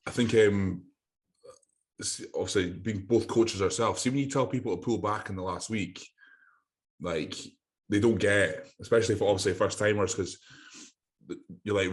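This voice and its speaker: A man's voice: on the low side, normal speed, pauses often. A young Scottish man, a bodybuilding coach, co-hosting a podcast in casual chat, swearing and acting out talks with clients. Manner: sweary, says aye, acts out talks with clients.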